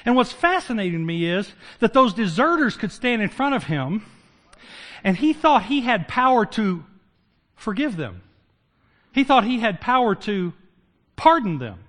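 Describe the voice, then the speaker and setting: An older male pastor with a fairly high voice delivers a sermon. He talks to his congregation conversationally, tosses in jokes, then climbs to loud emphatic peaks before dropping to a hushed near-whisper. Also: big pitch swings, unhurried, pauses often.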